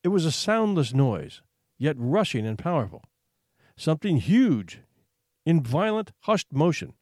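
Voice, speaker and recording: Man reading a story with lively expression. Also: fairly high pitch, measured pace, no room sound, studio quality. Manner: expressive, suspenseful, hushed for tension. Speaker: narrator. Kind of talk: dramatic reading of a short story.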